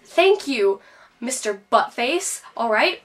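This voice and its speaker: A woman's voice: fairly high pitch, big pitch swings, slow, a bit bright, far from the mic, a little hiss or hum, heavily acted. A woman playing a bitter, depressed teenage girl who vents sarcastically in a scripted video-diary monologue. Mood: sardonic. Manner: sarcastic, exasperated storytelling.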